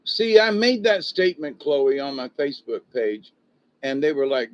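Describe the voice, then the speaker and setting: A man's voice: mid-range voice, big pitch swings, moderate pace, no room sound, dull audio. An older man venting and rambling on a casual livestream, stopping to greet viewers and read their comments. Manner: frustrated, rambling, self-interrupting.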